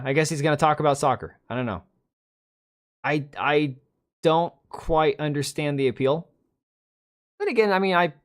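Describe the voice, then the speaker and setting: Blunt, rambling man chatting on a livestream. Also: mid-range voice. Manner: rambling, blunt and opinionated, with frequent restarts and asides to chat. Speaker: livestream host. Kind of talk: casual livestream chat.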